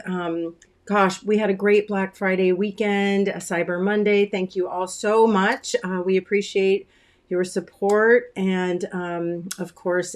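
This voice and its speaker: Chatty woman hosting a craft livestream. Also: mid-range voice. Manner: chatty, warm greetings by name, frequent ums. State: throat-clearing, choked up after dinner. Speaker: craft shop owner hosting a weekly livestream. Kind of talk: casual livestream chat, greeting viewers. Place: home craft studio.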